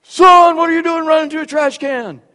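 A man voicing a harsh male military drill instructor who shouts clipped commands. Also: very high voice, normal speed, pitched above the performer's own voice. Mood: barking.

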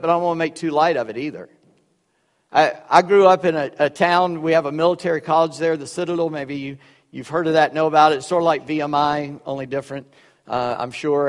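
A man's voice: a little high, big-room sound. A man preaching a sermon in a conversational, storytelling way with joking asides. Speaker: pastor.

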